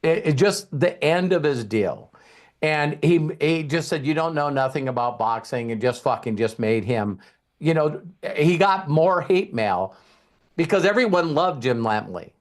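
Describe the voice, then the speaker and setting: A man's voice: on the high side, big pitch swings, unhurried. A middle-aged man hosting a podcast, telling a long story in casual, profane chat. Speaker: podcast host.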